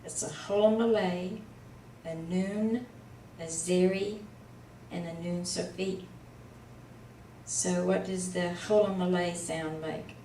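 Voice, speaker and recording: A woman leads a casual one-on-one reading lesson as tutor, patiently sounding out each letter and syllable slowly. Her voice sits a little low. She is recorded from across an echoey room, with a faint hiss underneath. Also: fairly even intonation, mellow, distant mic.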